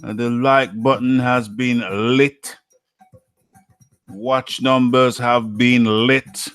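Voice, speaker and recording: A British man hosts a casual live boxing talk stream, reading viewer names in a relaxed, slow way. His voice is smooth and resonant at a middle pitch. The sound is close and dry, with soft music in the background.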